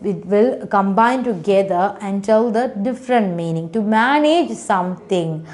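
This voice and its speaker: Teaching an online phonics class, a woman patiently sounds out words and syllables for children. Her mid-range voice is animated and a little mellow, her pace measured. She repeats herself a lot, breaks words into letters, and says "okay" often.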